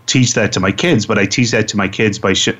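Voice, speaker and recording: A man's voice: lowish voice, a little fast, fairly bright tone, husky. A man hosting a radio interview show, talking casually and rambling with lots of fillers and repeated words. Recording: dull lo-fi radio audio.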